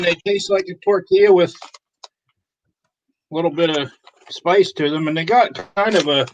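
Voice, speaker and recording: A man's voice: fairly high pitch, a little hiss or hum, poor audio. A man co-hosting a casual live stream, joking and cursing as he reads a snack's ingredient list.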